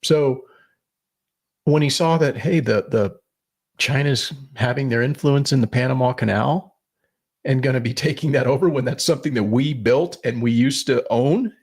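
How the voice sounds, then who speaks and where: A man's voice: mid-range voice, normal speed, a little mellow, husky. A man co-hosting a podcast, giving blunt political opinions, swearing and rambling with restarts. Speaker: podcast co-host.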